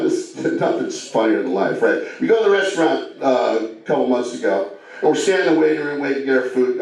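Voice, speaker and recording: A man in his forties from the Detroit area, a stand-up comedian who also speaks in interview. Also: a little high. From Detroit, Michigan area, USA. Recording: echoey room, recorded from a distance.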